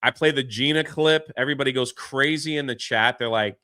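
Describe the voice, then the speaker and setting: A man telling a story as a podcast guest, excitable and quick to act out what others said. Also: mid-range voice, clean tone, no echo, studio quality. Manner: excitable, swears mildly, acts out quotes. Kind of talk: animated storytelling.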